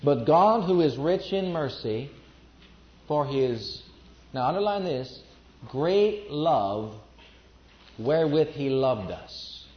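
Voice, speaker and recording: A man's voice: fairly high pitch, lively intonation, slow, long pauses. Man, preacher, sermon, emphatic, repeats lines, roomy echo, muffled old tape. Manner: emphatic, repeats declarations for the congregation. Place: church before a congregation. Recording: echoey, dull lo-fi recording.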